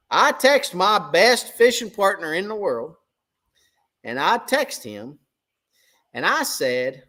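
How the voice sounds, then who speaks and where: Guy hosting a fishing live stream, story mode, acts out both sides of the chat, kinda high and bright voice. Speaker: tournament crappie angler and channel host.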